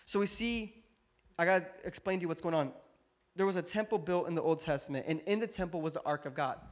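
A man preaching a sermon as pastor, animated and joking, swinging between loud bursts and hushed asides. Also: fairly high pitch, fast. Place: church hall with congregation.

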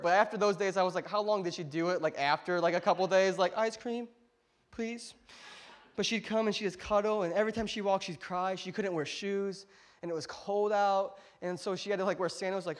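High-voiced animated male pastor. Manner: animated, jokey storyteller who addresses the congregation directly. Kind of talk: sermon with personal storytelling. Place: church auditorium.

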